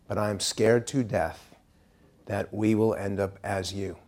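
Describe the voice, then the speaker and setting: A middle-aged American man giving a speech to a university audience, telling a story in an earnest way and dropping quiet and grave at serious points. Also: lowish voice. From United States. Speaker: pollster giving a talk.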